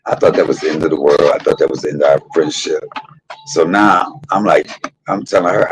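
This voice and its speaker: A man hosting his own show, telling a personal story in an animated, profane way and talking straight to his listeners. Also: low-pitched, moderate pace, slight background noise, poor audio. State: emotional, tearful at times. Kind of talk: candid storytelling monologue.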